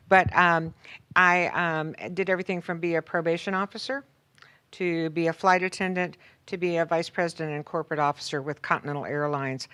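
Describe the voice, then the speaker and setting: A woman's voice: low-pitched, a bit bright. A woman in her seventies, a panelist answering chattily and upbeat, with wry asides.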